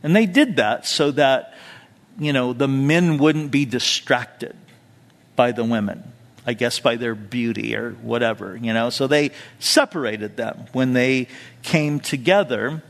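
A male pastor delivers a verse-by-verse expository sermon in a mid-range voice at a measured pace. His style is conversational, full of asides and questions put to the congregation, and the recording carries a long hall reverb.

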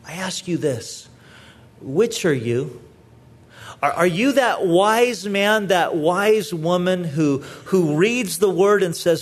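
A man's voice: sits high, expressive, slow pace. A man preaching a sermon, earnest and pleading, often repeating words as he presses his point. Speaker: pastor.

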